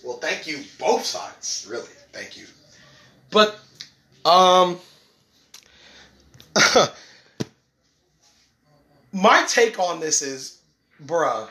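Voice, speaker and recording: A man's voice: high voice, pushed and bright. A young man hosting a casual solo podcast, rambling in slang and laughing often. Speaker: podcast host. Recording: echoey room, away from the mic.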